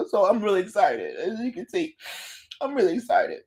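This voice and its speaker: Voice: mid-range voice, darkish tone. An adult host chatting casually on a live stream, greeting viewers by name and reading their comments aloud, recorded on a phone.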